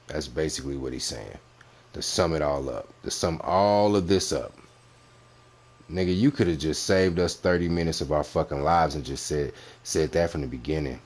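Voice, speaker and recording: A man with an extremely deep voice delivers profane reaction commentary on a clip. He is blunt and mocking and hammers each point home by repeating it. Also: normal speed, a little mellow. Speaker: commentary host reviewing clips.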